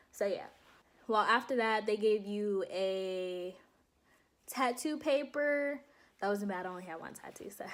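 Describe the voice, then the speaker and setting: A young woman vlogging to her viewers in a casual, animated storytelling way, laughing often and calling them y'all. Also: mid-range voice. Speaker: vlogger recounting her enlistment processing.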